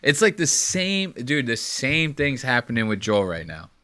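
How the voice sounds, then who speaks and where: A man giving casual, profane reaction commentary, animated and mocking as he talks. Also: medium pitch, measured pace, dry recording, studio quality.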